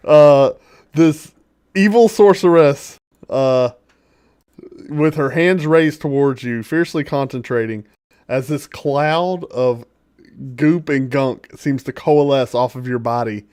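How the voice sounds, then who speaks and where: A man's voice: medium pitch, slow pace, darkish tone, smooth, no echo, clean studio sound. A man narrating as dungeon master, rambling through descriptions with many fillers and chuckles. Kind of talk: narrating a tabletop game.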